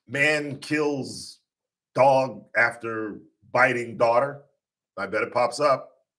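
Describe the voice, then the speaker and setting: A man hosting a radio talk show in a blunt, combative style. His voice sits at an ordinary pitch, and he tells stories with animated punch. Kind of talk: opinionated talk radio monologue.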